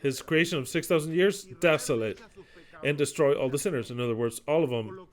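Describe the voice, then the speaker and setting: A man preaching a sermon, reading scripture aloud and commenting on it with sarcasm and crude swearing, swinging from loud declamation to low muttering. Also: a little fast.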